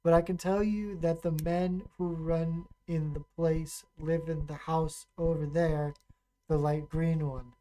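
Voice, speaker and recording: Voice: mid-range voice, little pitch movement, takes it slowly, mellow, a little hiss or hum, natural voice, poor audio. A streamer reading out the lines of a mocking old man in a text adventure, with little change from the streamer's own voice. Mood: taunting.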